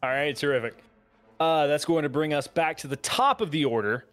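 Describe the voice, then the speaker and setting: A man's voice: a little high, moderate pace, fairly bright tone. A man running a tabletop game as dungeon master, talking casually with many fillers and easy laughs. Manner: hesitant, filler-heavy, laughs easily.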